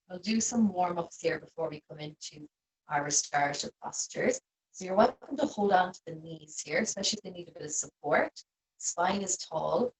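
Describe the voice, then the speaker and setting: A woman yoga teacher guiding a restorative class in a soft, gentle, calm way. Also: on the low side, poor audio. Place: seated on a cushion.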